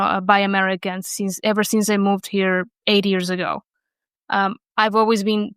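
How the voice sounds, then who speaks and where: A young woman from Argentina speaks English with a Spanish accent, her voice smooth and clear. She tells her story in an animated way, full of fillers and restarts. The sound is dry and close. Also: medium pitch, no echo. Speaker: guest. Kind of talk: conversational interview.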